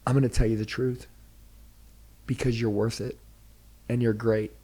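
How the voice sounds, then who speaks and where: Husky, hard-driving motivational man. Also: mid-range voice, level tone, normal speed. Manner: forceful, direct, preachy delivery with rhetorical questions. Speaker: sales trainer, podcast guest. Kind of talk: intense motivational pitch.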